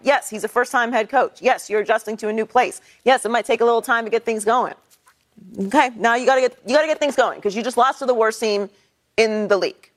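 A woman debating on a sports talk panel in a slightly high voice. She builds her case firmly and works through the statistics. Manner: firm, lays out stats methodically.

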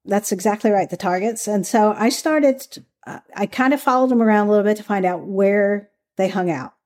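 In a conversational interview, a Southern woman who once worked undercover recounts her experiences, chatty and open and quick to laugh. She speaks at a moderate pace in a mid-range, darkish voice.

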